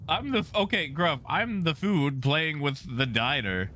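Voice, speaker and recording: Male streamer, unhurried and chatty, bright tone with very animated pitch; playful teasing commentary, faint ambient hiss. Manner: chatty, talking to fellow players and chat; teasing, playful sing-song repetition. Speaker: game streamer. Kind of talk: casual gameplay commentary.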